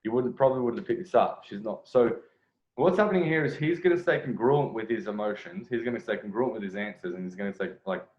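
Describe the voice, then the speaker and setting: A man's voice: lowish voice, quick pace. A man giving casual, blunt commentary on a video as a dating coach, swearing freely and restarting his phrases. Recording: echoey room, lo-fi sound.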